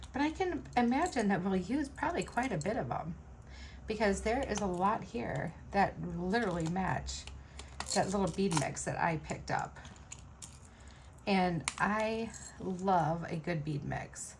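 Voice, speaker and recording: A woman's voice: medium pitch, slight background noise. A woman vlogger chatting casually and rambling with many fillers while she makes beaded jewelry at home. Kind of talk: casual chat while beading.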